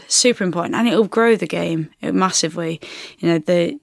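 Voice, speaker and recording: A young woman talks in a loose, chatty way, circling back over her points and dropping in plenty of fillers. Her voice has a gravelly, creaky edge, and the recording is dry and close, with no room sound. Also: on the low side, no room sound. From England. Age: 20s. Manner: chatty, repeats herself, many fillers. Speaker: rugby player guest. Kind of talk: casual interview chat.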